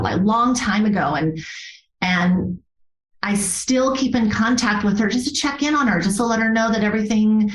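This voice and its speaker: A woman's voice: mid-range voice, reverberant, low-quality recording. A woman who works as a yoga therapist tells a personal story as a podcast guest. She speaks earnestly and from the heart, often restarting her sentences.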